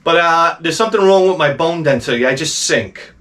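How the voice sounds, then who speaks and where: A man with a slightly higher voice tells a personal story in a loose, rambling way. He restarts his sentences, swears now and then, and keeps the telling animated and casual. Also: a little fast. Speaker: host.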